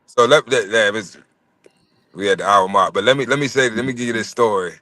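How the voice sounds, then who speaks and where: A man in his thirties telling a personal story in casual chat, profane and animated. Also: lowish voice, brisk, dry recording. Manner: profane, animated storytelling, acts out quoted voices.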